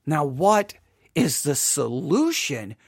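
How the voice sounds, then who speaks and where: A man leads a devotional Bible study in a fairly high voice with vocal fry, very animated but taking his time. He reads scripture aloud, explains it conversationally, and now and then acts out the voices of the proud and the doubter. The recording is a clean studio sound with no room sound.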